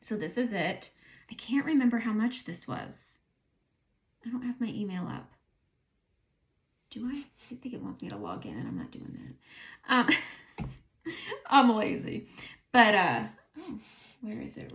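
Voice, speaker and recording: A woman with a Southern American accent chats her way through a makeup tutorial, narrating each step and muttering to herself as she goes. Her voice sits at a middle pitch with a gravelly, creaky edge. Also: big pitch swings, unhurried, long pauses, fairly bright tone. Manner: chatty, thinking aloud, self-talk while applying makeup. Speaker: beauty vlogger. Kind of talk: casual makeup tutorial chat.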